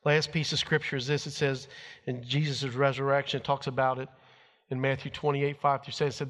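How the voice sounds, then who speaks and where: Here a middle-aged preacher talks briskly in a mid-range, fairly bright voice with a level tone, the sound carrying like a big room. His sermon leans on a personal family story, told folksily, with the quotes acted out.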